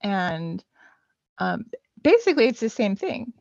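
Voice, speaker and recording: A woman's voice: medium pitch, sing-song, a little slow, gravelly, a little mellow, no echo. A woman chatting casually as a podcast guest, hesitant and full of filler sounds. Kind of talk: casual chat. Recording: dull lo-fi dry sound.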